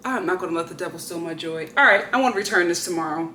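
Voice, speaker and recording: Woman grumbling to her vlog viewers, bright voice, echoey room, faint noise behind. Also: lowish voice, measured pace, pauses often. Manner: expressive, exclaiming and grumbling to viewers. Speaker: vlogger. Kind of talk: casual vlog chat. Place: at home. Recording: roomy echo, faint ambience.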